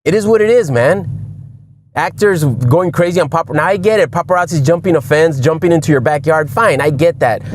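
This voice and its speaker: A man delivers a blunt, preachy motivational monologue, peppering his talk with "man" and "dude." His voice sits a little high for a man. Faint background noise runs under the recording. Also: fairly quick. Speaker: podcast host.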